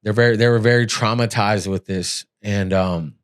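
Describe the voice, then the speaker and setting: A man's voice: on the low side, steady tone, normal speed, smooth. A middle-aged man hosting a podcast, telling his own story in a candid, earnest, blunt and emotional way. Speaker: podcast host.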